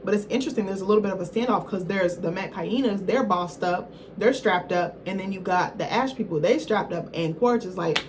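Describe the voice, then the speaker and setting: A woman's voice: medium pitch, a little fast, few pauses. Woman vlogger, casual film review, profane and chatty, rambling asides, faint background hum. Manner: chatty, profane, acts out characters in quotes; rambling, self-correcting, apologetic asides.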